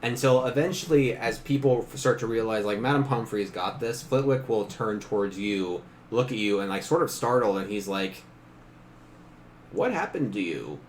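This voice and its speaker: Low-voiced man running a tabletop game. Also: moderate pace, few pauses, a little hiss or hum. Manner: casual, laughing often, acts out characters briefly. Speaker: game master.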